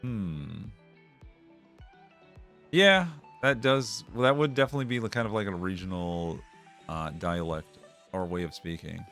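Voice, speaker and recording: Low-voiced wry man chatting. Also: animated, normal speed, a bit bright, soft background music. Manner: wry, rambling, laughs often. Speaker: streamer reading chat. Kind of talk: casual chat.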